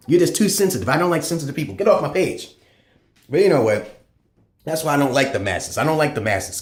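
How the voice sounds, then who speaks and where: A man delivering a profane, rambling monologue as a channel host, swinging between loud high bursts and low mutters. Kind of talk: ranting monologue. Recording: echoey room.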